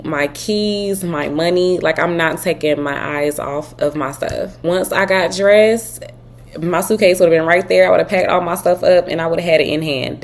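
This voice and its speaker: A woman with a lowish voice reacting to a story as the show's host. She talks in an emphatic, advising way, speaking straight to her viewers. Her delivery is casual and direct. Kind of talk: reaction commentary.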